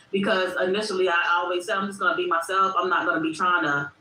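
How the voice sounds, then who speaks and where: A woman's voice: lowish voice, fairly even intonation, a little fast, sharp tone. A woman, hosting a casual livestream, repeating herself and talking straight to her chat. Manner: repetitive, reflective, talks to chat directly. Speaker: livestream host. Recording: echoey room with faint background noise.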